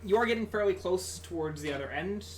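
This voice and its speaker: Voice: medium pitch, lively intonation, fast talker, background noise. A game master narrating a tabletop game in a casual, rambling way, full of "like" and "uh". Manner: casual, filler-heavy narration with swearing.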